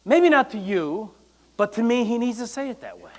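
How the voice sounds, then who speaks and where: A man pastor from the United States preaching a sermon, animated and acting out quoted lines with loud bursts. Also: very high voice, moderate pace. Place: church.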